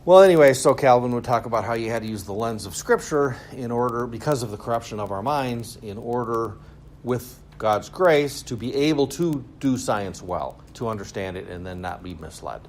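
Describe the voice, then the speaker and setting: Male lecturer with a mid-range voice: informal, wry and sarcastic, prone to lively tangents. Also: medium pitch, normal speed, a little hiss or hum. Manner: casual, sarcastic, animated asides. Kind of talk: university lecture. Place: school lecture room.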